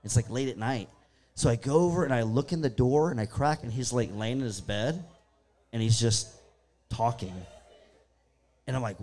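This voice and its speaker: In a relaxed ghost-story conversation, a male guest speaks at medium pitch and normal speed. He tells spooky tales with energy, performing the quotes himself.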